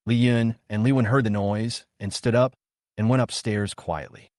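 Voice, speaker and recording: A man narrating a dramatic story recap in an expressive way. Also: fairly low pitch, normal speed, no room sound, clean studio sound.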